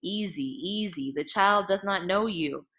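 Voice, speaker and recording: A woman's voice: medium pitch, measured pace, fairly bright tone, natural voice. A woman voicing an impatient, ironic male police detective.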